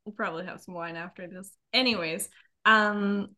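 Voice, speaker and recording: A woman's voice: medium pitch, steady tone, normal speed, pushed and bright. A Canadian woman co-hosting a podcast. She talks in a bubbly, teasing, casual way. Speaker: podcast co-host. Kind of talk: casual chat.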